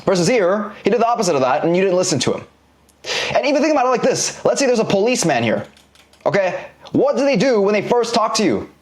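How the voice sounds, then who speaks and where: A man delivering a casual recorded course lecture, full of slang and quick everyday examples. His voice rises and falls a lot and sits a little high for a man. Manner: animated, slangy, drawing examples on a board. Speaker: online business course instructor.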